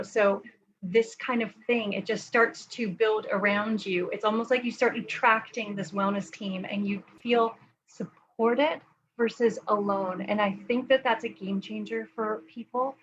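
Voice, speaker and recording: A woman nutrition coach talks through her views in a thoughtful, measured way, pausing often with fillers. Her voice comes over a dull, muffled line with a faint hiss behind it. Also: mid-range voice, a bit bright. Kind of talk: reflective interview talk.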